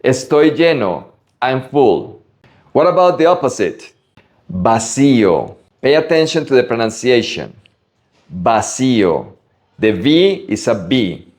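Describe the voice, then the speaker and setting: A man from Latin America teaching Spanish vocabulary, slowly drilling pronunciation word by word. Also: medium pitch, sing-song, darkish tone. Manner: slow, careful pronunciation drills. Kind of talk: vocabulary lesson.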